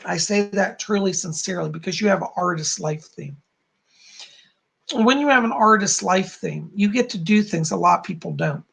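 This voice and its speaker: A man's voice: sits high, moderate pace, vocal fry, slightly rough. A man hosting a live stream as a psychic medium, reading viewers' messages and passing on reassurances in a soothing way. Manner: warm, reassuring, calls viewers darling.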